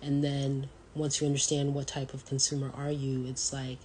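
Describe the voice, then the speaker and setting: Deep-voiced woman musing aloud. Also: completely flat delivery, moderate pace, a little mellow, slight background noise, poor audio. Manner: thoughtful and rambling, many ums and you-knows. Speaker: podcast host. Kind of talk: casual solo talk.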